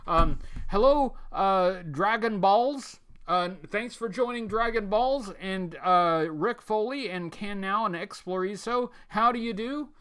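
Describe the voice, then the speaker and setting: A man with a high, a bit bright, clean voice hosts a live toy-collector stream at a measured pace. He greets chat viewers by name and rambles, with plenty of fillers and restarts.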